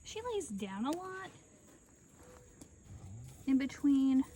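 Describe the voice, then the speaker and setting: A woman sheep farmer filming a casual vlog outdoors in her pen on a handheld camera, chatting and coaxing her animals in a high sing-song. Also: sing-song, slow, warm tone, slight background noise. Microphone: handheld camera while working.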